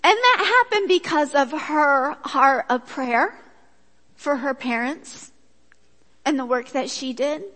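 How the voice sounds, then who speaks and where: High-voiced woman preaching in a hall. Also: slow pace. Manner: chatty and animated, acts out quotes. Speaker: speaker at a church gathering. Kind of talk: sermon with personal story. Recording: echoey hall.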